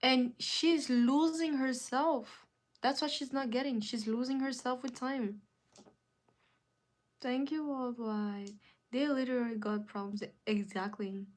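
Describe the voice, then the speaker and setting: Woman, live-stream host, casual chat, unhurried, a bit high-pitched, emphatic, repeats herself. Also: steady tone. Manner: emphatic, repeats phrases, drawn-out delivery. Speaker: live-stream host answering viewer comments.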